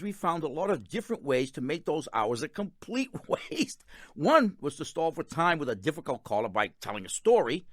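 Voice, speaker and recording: A man co-hosting a radio car show, teasing his brother with quick wisecracks. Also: fairly high pitch, no room sound, studio quality. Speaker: radio co-host. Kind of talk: radio call-in show banter.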